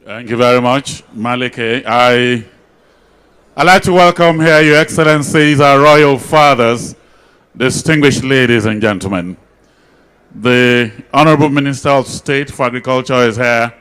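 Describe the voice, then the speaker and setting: A man's voice: medium pitch, fairly bright tone, clean tone. A man acting as master of ceremonies, formally welcoming dignitaries and guests. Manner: formal, measured greetings.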